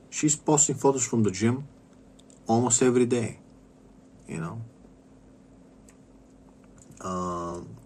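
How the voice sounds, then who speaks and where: A man's voice: medium pitch, a little mellow, a little hiss or hum. A man ranting crudely in a commentary vlog, swearing and repeating himself as he goes. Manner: crude, profane, repetitive ranting. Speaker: wrestling vlogger.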